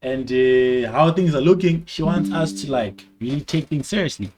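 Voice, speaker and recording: A young man, a streamer chatting casually and giving advice to his viewers in a slangy, animated way, his voice jumping up and down in pitch and loudness. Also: normal speed. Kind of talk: casual livestream advice chat.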